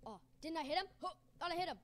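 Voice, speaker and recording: A woman hosting a gaming channel, giving excited gameplay commentary and yelling, raging and cheering at the game. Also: very high voice, rapid-fire.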